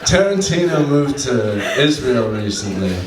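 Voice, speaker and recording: A man doing a stand-up comedy set on a club stage, deadpan, slowing down for his punchlines. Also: mid-range voice, over a noisy crowd. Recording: echoey room from a distant mic, faint ambience.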